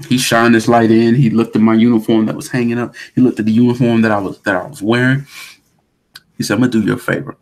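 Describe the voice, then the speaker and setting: A young man co-hosting a casual talk show, telling a story with lively acted-out quotes. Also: medium pitch, fast talker. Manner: animated storyteller who acts out quoted voices. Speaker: podcast co-host.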